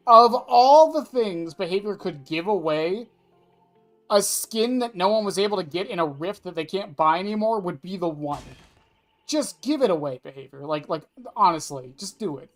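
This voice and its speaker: With soft music in the background, a game streamer at an indoor desk rambles casually to viewers, responding to chat questions and letting a swear slip out occasionally. The medium-pitched voice is expressive and runs at a normal speed.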